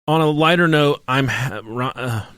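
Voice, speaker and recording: A man co-hosting a casual podcast, dropping crude jokes as he reads out listener emails. His pitch sits right at the middle for a man, and the sound is dry and close with no room around it. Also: moderate pace, fairly bright tone, clean tone, dry recording. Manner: crude joking, mocking voices when quoting people. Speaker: podcast co-host.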